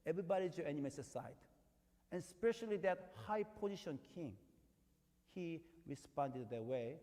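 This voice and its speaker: A man with a Korean accent preaches in a loose, conversational manner, telling stories and rising into emphatic peaks. His voice sits a little high for a man. The sound carries a long reverb, as in a large church hall. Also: dark tone. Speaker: pastor. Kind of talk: sermon.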